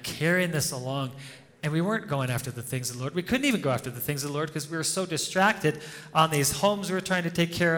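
A man's voice: a little high, a bit bright. A male pastor preaching an informal, conversational sermon, telling stories and chuckling often. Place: church hall before a congregation. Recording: long reverb of a church hall.

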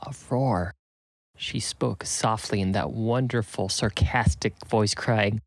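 A man's voice: lowish voice, takes it slowly, no room sound. A man narrating a serial first-person story in an earnest, urgent way.

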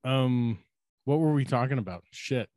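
A man's voice: mid-range voice, measured pace, a little mellow, no echo, studio quality. A young man co-hosting a casual podcast, rambling and crude, mocking himself and laughing often. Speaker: podcast co-host.

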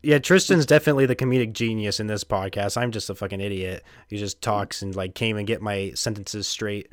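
A man's voice: lowish voice, steady tone, fairly quick, dry recording, clean studio sound. A man co-hosting a podcast in casual chat, rambling and self-deprecating, laughing often. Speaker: podcast co-host.

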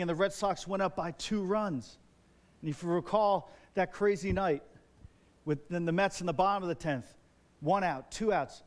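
A man in his forties preaching a sermon as a pastor, telling stories with lively, building excitement. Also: high-pitched. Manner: animated storytelling, grows loud and excited. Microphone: wears a microphone.

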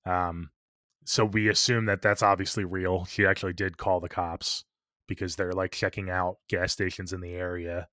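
Enthusiastic and casual, a male podcast co-host reviews a film, swears a lot, and fills his speech with verbal fillers. His low-pitched voice stays level at a moderate pace, sounding pushed and bright in a studio-quality recording with no room sound.

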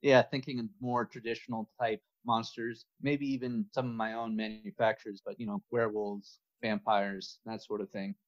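A man's voice: fairly low pitch, flat delivery, moderate pace, few pauses. A man being interviewed as a podcast guest in casual chat, talking hesitantly with plenty of fillers. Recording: muffled lo-fi audio.

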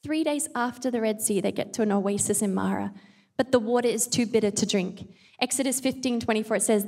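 A woman's voice: on the high side, fairly quick, creaky, a little mellow. A mother giving an earnest, chatty Bible devotional talk with self-aware asides. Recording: long hall reverb.

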